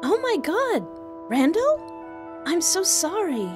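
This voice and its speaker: A woman voicing a flustered, high young neighbor girl. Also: expressive, moderate pace. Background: game music.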